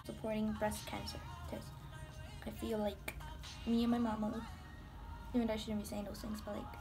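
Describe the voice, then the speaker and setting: A woman's voice: medium pitch, level tone, normal speed. A young woman chatting candidly and rambling while doing her makeup for a vlog. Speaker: beauty vlogger. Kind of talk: casual get-ready-with-me chat. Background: music.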